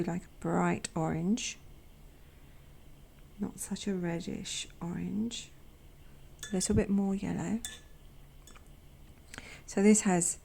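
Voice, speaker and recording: Slow, gravelly, soft-spoken woman painter. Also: on the low side, a little hiss or hum. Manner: gentle and chatty, drops to a soft near-whisper; self-deprecating asides. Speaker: watercolor artist and channel host. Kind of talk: casual narration while painting swatches.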